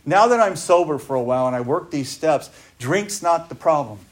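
A man's voice: on the high side, animated, moderate pace. A man giving an earnest recovery talk, speaking emphatically and often asking his listeners rhetorical questions.

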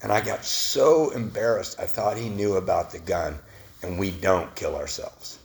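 A man sharing his recovery story at a meeting, self-mocking and laughing at his own past, swinging between loud bits and quiet confession. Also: sits low, measured pace, gravelly. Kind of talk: personal testimony at a recovery meeting.

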